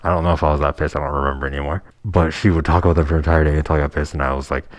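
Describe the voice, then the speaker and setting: A man's voice: very deep voice, very fast, dry recording. A young man telling a personal story in a casual, heated and profane way. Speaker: vlogger.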